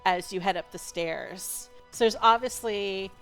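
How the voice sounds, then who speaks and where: A woman narrating as game master of a tabletop game, relaxed and chatty, with lots of fillers and laughs. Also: mid-range voice, unhurried, faint music behind.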